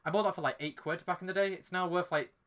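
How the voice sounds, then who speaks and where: A man's voice: high-pitched, fairly even intonation, quick pace, a bit bright. A young British man chatting casually while livestreaming a video game, rambling with lots of fillers and restarts. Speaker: streamer. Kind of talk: casual chat while gaming. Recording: faint background music.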